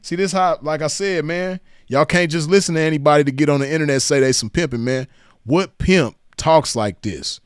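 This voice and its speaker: A man's voice: a little high, normal speed, clear, resonant tone, no room sound, studio quality. A man mocking and roasting clips in profane reaction commentary, laughing often.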